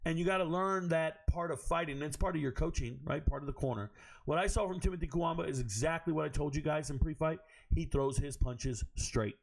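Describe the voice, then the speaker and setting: A man hoarse from screaming, giving a blunt, profane and animated monologue recapping fights and bets as the show's host. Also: fairly high pitch, a little fast. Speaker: MMA betting analyst.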